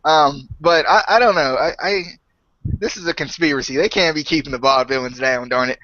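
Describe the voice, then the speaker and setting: A man's voice: fairly high pitch, fast talker, bright, forceful tone, no room sound. A man co-hosting a podcast, chatting in a hesitant, jokey, self-deprecating way. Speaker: podcast co-host. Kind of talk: casual podcast chat. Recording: dry, dull lo-fi audio.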